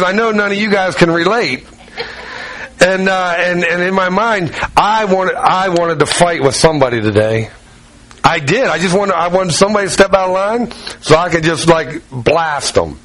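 A middle-aged man preaching a sermon with a slightly high voice. He talks conversationally, repeating phrases for emphasis and asking his listeners direct questions as he works through his anecdotes. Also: a bit bright, low-quality recording. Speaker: pastor.

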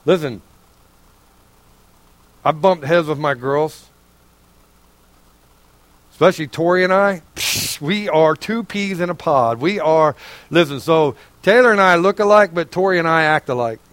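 A man's voice: fairly high pitch, measured pace, pauses often, fairly bright tone, dry recording. A middle-aged man preaching a sermon, fervent and folksy, pleading with his listeners. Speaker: pastor.

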